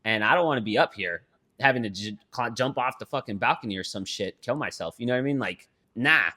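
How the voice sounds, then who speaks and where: A man's voice: mid-range voice, fast. A young man co-hosting a podcast with his sister, telling a story casually and swearing a lot. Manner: profane, animated storytelling. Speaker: podcast co-host.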